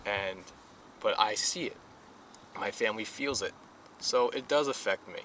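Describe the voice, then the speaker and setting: Earnest young man, lowish voice. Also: a little slow, fairly bright tone, a little hiss or hum. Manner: earnest, repeats himself with many fillers. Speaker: guest, police recruit. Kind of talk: casual podcast interview.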